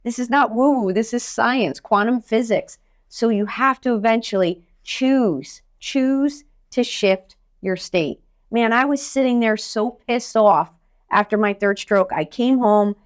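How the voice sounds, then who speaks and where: A woman mental skills coach talking in a podcast interview, energetic and blunt, telling stories with casual swearing. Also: a little high.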